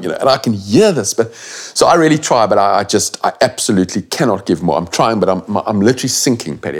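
Guy with a really low voice, blunt and earnest, swears a bit telling his story. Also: lively intonation, fast, hardly any pauses. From South Africa. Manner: earnest, blunt, swears casually, many restarts. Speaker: guest. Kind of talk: first-person story in an interview.

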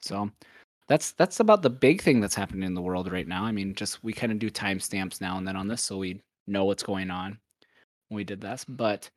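A man's voice: fairly low pitch, a little fast, no echo. Rambling young man hosting, close dry mic. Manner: rambling, self-correcting, upbeat. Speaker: podcast host. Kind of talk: casual chat.

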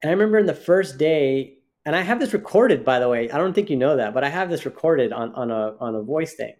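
A man's voice: fairly high pitch, expressive, fast talker, darkish tone. A man co-hosting a podcast, telling a rambling story in casual chat with many restarts. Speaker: podcast co-host.

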